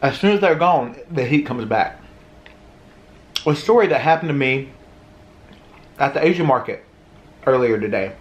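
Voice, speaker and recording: A man's voice: mid-range voice, lively intonation, muffled recording, slight background noise. Man struggling through spicy food. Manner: chatty, drawn-out sighs, informal. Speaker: food vlogger. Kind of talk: casual mukbang talk to viewers.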